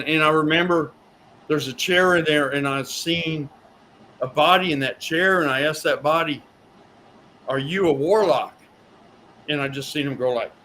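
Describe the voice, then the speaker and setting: Male guest, animated storyteller, slightly high pitch, faint background noise. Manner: rambling animated storytelling with repeated words. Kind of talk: storytelling in a talk show interview.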